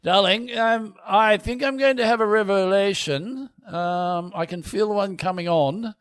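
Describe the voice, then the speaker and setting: A man's voice: sits high, brisk, pushed and bright, pitched above the performer's own voice. A man doing a pompous posh scientist. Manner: haughty, flustered, self-important.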